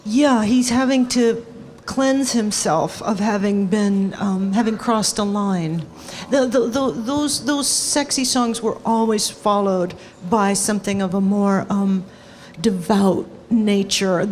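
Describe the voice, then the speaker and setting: A woman's voice: medium pitch, slow pace, a little hiss or hum. Woman telling stories in a reverberant hall. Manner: lively, animated storytelling. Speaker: guest, former sound engineer. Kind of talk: storytelling on stage.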